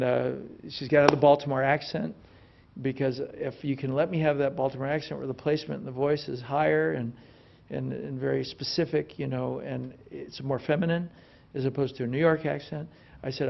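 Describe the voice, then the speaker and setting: Brief: man, late fifties, gravelly low rasp, loose anecdotal guest on a stage, dull lo-fi event audio. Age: late 50s. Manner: relaxed storytelling, frequent restarts and "you know". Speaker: film actor as interview guest. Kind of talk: onstage conversation. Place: film institute stage before an audience.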